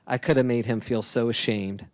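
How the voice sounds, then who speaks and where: A man giving a keynote talk as a comic artist, lively and chatty, laughing often. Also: mid-range voice, normal speed, clean tone. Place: conference hall stage.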